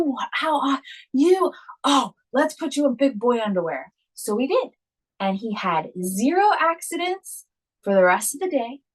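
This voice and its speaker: A woman co-hosting a podcast, chatting casually and telling a lively story about her kids, acting out what everyone said. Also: high-pitched, poor audio. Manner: animated storytelling, acts out quotes. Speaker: podcast co-host. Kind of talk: casual chat.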